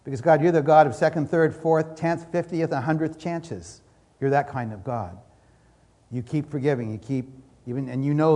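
Preaching at a moderate pace, a pastor with a mellow voice pitched slightly higher than most men's delivers a fervent sermon full of repetitive emphasis, drifting into spoken prayer along the way.

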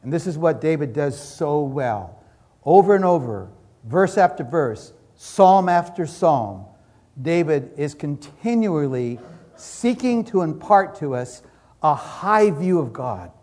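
A pastor delivers a sermon with fervent, repetitive emphasis. His voice sits a little higher than most men's. He slips into spoken prayers as he preaches. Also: sing-song, takes it slowly, darkish tone.

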